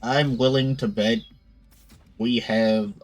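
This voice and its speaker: A man's voice: mid-range voice, fairly even intonation, takes it slowly, soft background music, poor audio. Man reading a visual novel aloud. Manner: startled, reacting as he reads. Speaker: streamer.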